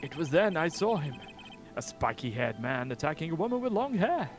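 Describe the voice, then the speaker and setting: A man's voice: big pitch swings, moderate pace, soft background music. A man voicing a smug male witness reading out rehearsed testimony in a game, theatrical. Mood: testifying. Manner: theatrical, sweeping pitch swings. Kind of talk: voicing game text on a stream.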